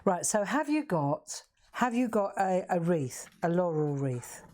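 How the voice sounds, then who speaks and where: Low-voiced chatty craft host. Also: female voice, lively intonation, a little slow, darkish tone. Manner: chatty, laughs often, talks straight to viewers. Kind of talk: live craft demonstration.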